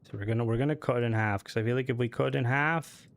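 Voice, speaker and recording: A man's voice: medium pitch, quick pace, gravelly. A man streaming a game, thinking aloud and mumbling as he builds a ship in casual commentary.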